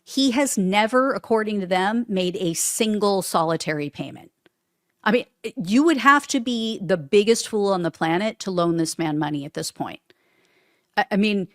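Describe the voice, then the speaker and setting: A woman's voice: mid-range voice, lively intonation, normal speed, no room sound, clean studio sound. A woman hosting a political commentary show, talking casually and sarcastically, often laughing at her own remarks.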